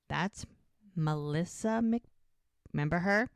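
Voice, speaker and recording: Lively woman recapping a show. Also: medium pitch, unhurried, no room sound, clean studio sound. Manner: animated retelling, acting out lines with laughs. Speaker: podcast co-host recapping a TV episode. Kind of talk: casual recap chat.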